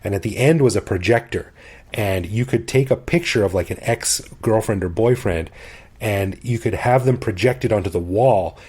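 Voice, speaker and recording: A man's voice: fairly low pitch, normal speed, a little mellow, husky. A middle-aged man co-hosting a podcast, chatting casually and enthusiastically, often laughing and restarting phrases. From expat living in Bangkok. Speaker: podcast co-host. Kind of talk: casual chat.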